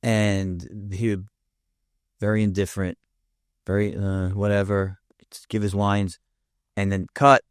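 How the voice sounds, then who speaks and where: A man's voice: on the low side, little pitch movement, a little slow, pauses often, clean tone, no echo, clean studio sound. A man telling a vivid, profane anecdote in a casual chat. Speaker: guest. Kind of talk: casual storytelling.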